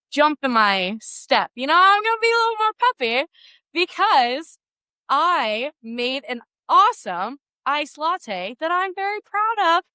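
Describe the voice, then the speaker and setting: Bubbly young woman podcasting, high and bright. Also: no room sound. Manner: bubbly and gushing, lots of "like" fillers. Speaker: podcast host. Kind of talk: casual solo podcast talk.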